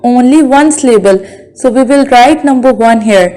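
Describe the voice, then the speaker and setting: Woman, Bangladeshi English accent, high-pitched; patient teacher who drills words syllable by syllable. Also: mellow, poor audio. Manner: slow, carefully sounds out words syllable by syllable. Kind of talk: classroom lesson.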